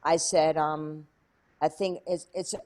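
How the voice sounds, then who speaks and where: Chatty, lively woman telling a story. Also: deep voice, slow. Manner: chatty, many "like" fillers, acts out her own past lines. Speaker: guest. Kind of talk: animated storytelling in an interview.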